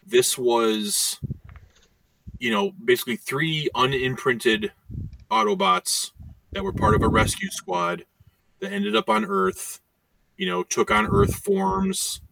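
Gravelly bright-voiced man, far from mic. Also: sits high, slow, a little hiss or hum. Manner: rambling, many "you know" fillers. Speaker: podcast co-host. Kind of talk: casual chat. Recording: voice distant from the mic.

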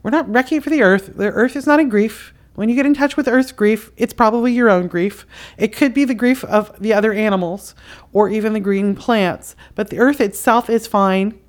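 A woman's voice: a little high, normal speed. A woman hosting a podcast, giving a spiritual commentary monologue in an impassioned, emphatic, casual way with frequent fillers. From outside the US. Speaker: podcast host.

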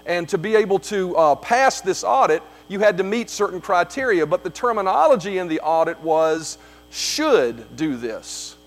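A man's voice: sits high, animated, moderate pace, few pauses. A man preaching a sermon as pastor, emphatic, repeating key phrases, with frequent fillers.

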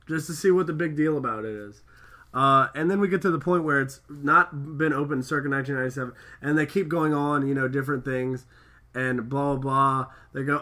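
A man's voice: a little high, fairly quick, sharp tone. A man chatting casually and enthusiastically, rambling with lots of filler words as he recaps a cartoon episode. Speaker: podcast co-host.

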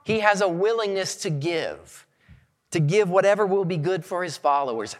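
A man preaches in a slow, deliberate sermon, his fairly high voice swinging widely in pitch as he stresses key words. The sound carries a long reverb, like a large church hall. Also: very animated. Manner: earnest, measured preaching with emphatic rises. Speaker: pastor.

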